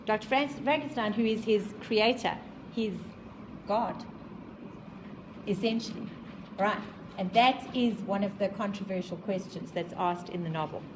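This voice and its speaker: A woman's voice: medium pitch, a little slow, long pauses, echoey room, background noise. A woman with a South African accent who teaches a class in an emphatic way, repeating her points and quizzing her students. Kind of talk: classroom lecture.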